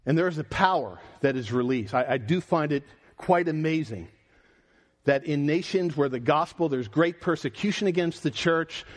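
Earnest preacher, man with a raised voice. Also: fairly high pitch. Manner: earnest, emphatic preaching with rising and falling emphasis. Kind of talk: sermon.

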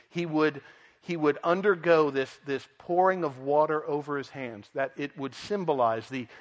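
A man delivering an earnest expository sermon with a slightly higher voice. He now and then acts out the people in his story with dramatic emphasis, and his words ring out with a long reverb from a large hall. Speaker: pastor.

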